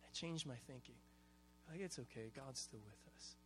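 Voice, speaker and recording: A man from Hawaii preaching a sermon in a casual, animated, conversational way, full of slang. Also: medium pitch, normal speed, a little hiss or hum. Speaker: pastor.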